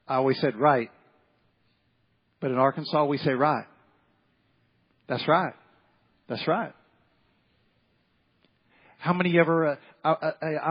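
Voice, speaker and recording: A man's voice: fairly high pitch, steady tone, normal speed, long pauses, husky, muffled recording. A man preaching an evening church sermon as pastor, folksy and repetitive, often acting out the voices of people in his stories. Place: church sanctuary.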